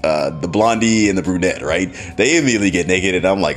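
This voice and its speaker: A podcast host with a low voice tells a story, his pitch swinging widely as he gets worked up. He talks fast and animatedly, laughing often and swearing freely in a loose, casual manner, with faint music underneath.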